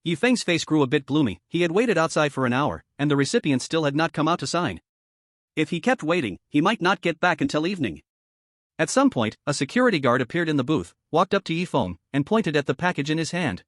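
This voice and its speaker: A man narrating a recap story in an even, read-aloud delivery. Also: a little high, brisk, no room sound, clean studio sound.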